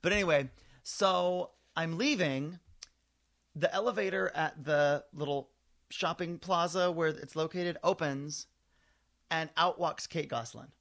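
A man in his forties spins a story in casual conversation, his voice sitting a little high for a man. He talks with lively energy and slips into the voices of the people he describes. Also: a little slow. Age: 40s. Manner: animated, acts out voices in his anecdotes.

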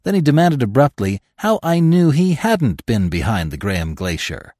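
Expressive male audiobook narrator. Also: mid-range voice, normal speed, no room sound, studio quality.

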